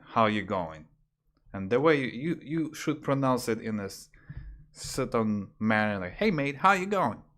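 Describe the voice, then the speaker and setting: A man teaching slang on a livestream, talking hesitantly with fillers and restarts, jumping higher when he imitates phrases. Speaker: language teacher. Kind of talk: casual livestream lesson.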